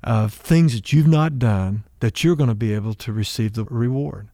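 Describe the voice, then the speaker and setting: Jesus, a man retelling as calm teacher. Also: mid-range voice, normal speed, dry recording, clean studio sound, close to an everyday voice. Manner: plain conversational retelling with everyday words. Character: Jesus, calm patient male teacher at a well.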